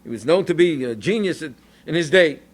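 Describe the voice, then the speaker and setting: Lively fast-talking rabbi telling a story. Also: male voice, a little high. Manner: animated, anecdotal, Yiddish and Hebrew terms. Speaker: rabbi and educator. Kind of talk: storytelling Torah talk.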